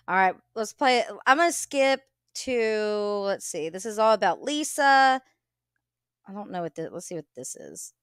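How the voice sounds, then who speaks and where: A woman's voice: medium pitch, big pitch swings, a little slow, clean tone, no room sound, studio quality. A woman host giving blunt, opinionated commentary on clips.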